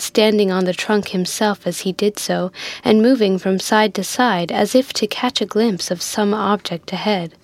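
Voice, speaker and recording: A woman narrating a classic sea novel in a measured, even audiobook reading. Her voice sits in a middle pitch, and the recording is dry and close. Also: dry recording.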